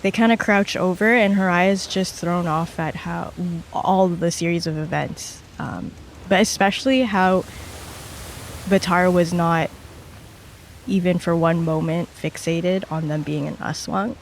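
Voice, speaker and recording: A player calmly describing their character's actions in a tabletop game. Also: medium pitch, measured pace, creaky, slight background noise.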